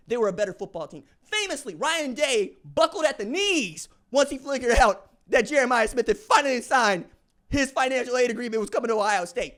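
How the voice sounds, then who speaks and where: Guy doing a football podcast rant, bright punchy voice, slangy, low mutters then loud hype yelling. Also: lively intonation, brisk. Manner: casual slang-heavy delivery. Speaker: podcast host. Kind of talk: opinionated sports talk monologue.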